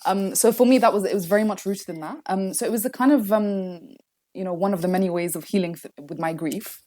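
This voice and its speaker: A woman's voice: mid-range voice, fast, mellow. Chatty, laughing podcast guest woman. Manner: laughs through her words, chatty. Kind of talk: casual chat.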